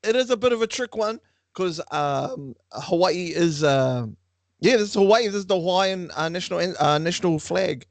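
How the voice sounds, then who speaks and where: Kiwi guy running a class quiz, high voice that jumps all over, jokey and teasing, dry close sound. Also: animated, normal speed, gravelly, dry recording. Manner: playful, teasing, laughs often. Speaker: online class quiz host. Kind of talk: lively quiz hosting for a class.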